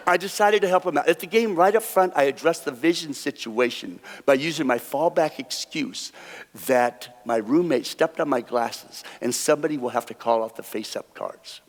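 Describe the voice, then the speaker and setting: A man with a fairly high voice spins folksy tales while working cards live on a theater stage. He chuckles at his own punchlines, and his words ring out with the long reverb of a big hall. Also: normal speed. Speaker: stage card magician. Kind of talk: live stage storytelling with card tricks. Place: theater stage before an audience.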